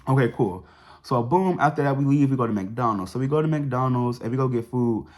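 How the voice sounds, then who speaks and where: A young man telling a personal story to his viewers in a chatty, slangy way, dropping fillers like "boom" and "whatever". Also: lively intonation, fairly quick, a little mellow. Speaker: vlogger. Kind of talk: casual storytime.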